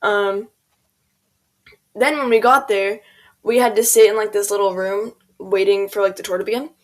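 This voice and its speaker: A teenage gaming video creator talks at a normal speed in a medium-pitched voice with fairly even intonation. Her storytime over gameplay is casual and rambling, thick with "like" and "um," and she imitates people's voices when quoting them.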